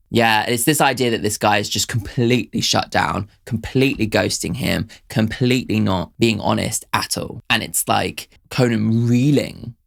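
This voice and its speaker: A man's voice: on the low side, normal speed, gravelly, hardly any pauses. A young man hosting a casual song reaction, chatty and self-deprecating, often breaking into laughter as he picks apart the music.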